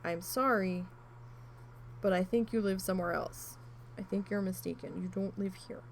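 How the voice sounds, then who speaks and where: A woman with a gravelly, creaky voice at a middle pitch tells a long story in a loose, chatty way. She rambles with asides and swears now and then. A faint background noise sits under her. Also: moderate pace, poor audio. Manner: rambling, chatty, animated retelling with frequent asides and mild swearing. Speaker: crafting vlogger. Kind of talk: casual storytelling while needle felting.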